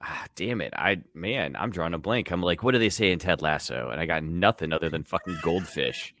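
A man's voice: low voice, animated, a little fast, fairly bright tone, no room sound. A man co-hosting a sports podcast, wisecracking and swearing in casual banter. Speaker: podcast co-host.

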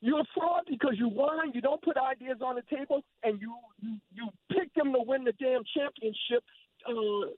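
A man's voice: very high-pitched, moderate pace, no room sound. A male caller on a radio show, hostile and insulting, repeating his demands over and over. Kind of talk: heated call-in rant. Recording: tinny phone line.

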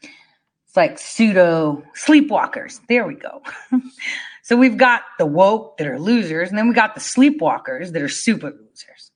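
A woman's voice: lowish voice, animated, measured pace. A woman giving a fired-up, profane monologue, rallying her listeners and telling stories with emphatic swings in her delivery. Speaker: political speaker. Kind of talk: impassioned monologue.

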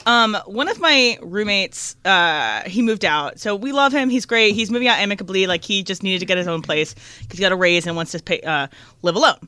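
A woman's voice: mid-range voice, animated, fairly quick, pushed and bright, smooth, dry recording. A woman in her twenties co-hosting a radio talk show, chatting and telling stories with a giggle. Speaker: show co-host. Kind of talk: casual chat.

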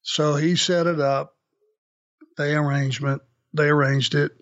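A man as an interview guest, telling an anecdote in a casual, animated way with many restarts. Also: a little high, a little slow, dull audio. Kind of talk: casual storytelling.

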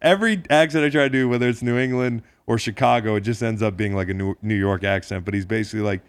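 A man's voice: fairly low pitch, fast talker, hardly any pauses, no room sound, clean studio sound. A man co-hosting a casual sports podcast, talking in a jokey, profane, rambling way with lots of restarts. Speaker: podcast co-host.

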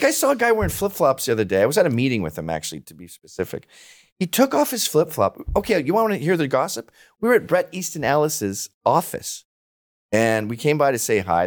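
A man guesting on a podcast, telling mocking, profane stories in a casual chat. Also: a little high. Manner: animated, mocking storyteller with profanity.

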